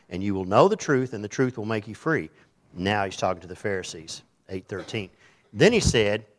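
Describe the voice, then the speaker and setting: A man preaching a sermon in a folksy, teasing way, swinging between loud and hushed delivery. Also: lowish voice. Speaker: pastor.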